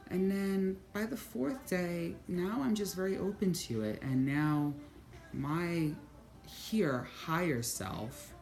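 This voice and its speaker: A woman vlogger telling a personal story in an animated monologue, swearing freely and quoting her own thoughts aloud. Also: on the low side, takes it slowly, creaky, faint music behind.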